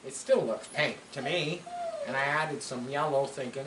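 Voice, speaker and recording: A man's voice: mid-range voice, moderate pace. A man casually hosting a workshop vlog from his home garage, rambling with lots of fillers. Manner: rambling, filler-heavy, chatty. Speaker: car builder hosting his workshop channel. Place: home garage with a wood stove. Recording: echoey garage with faint background noise.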